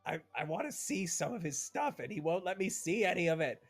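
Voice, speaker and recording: A man's voice: high-pitched, big pitch swings, fairly quick, soft background music. A man narrating as game master for a tabletop game, playfully voicing the characters.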